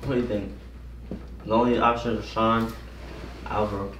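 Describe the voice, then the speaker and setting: A man's voice: fairly low pitch, flat delivery, moderate pace. A man from the Dominican Republic, hosting a vlog and chatting casually with friends in a laid-back, slangy way. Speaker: vlogger host. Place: hotel room. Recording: echoey room from far off with noise.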